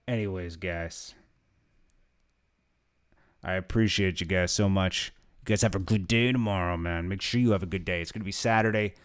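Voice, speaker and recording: A man's voice: deep voice, moderate pace, long pauses, clear, resonant tone. A tired young man hosting a casual live stream, chatting loosely with viewers and reading out their comments in a laid-back, mumbling way. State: tired, yawning. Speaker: livestream host.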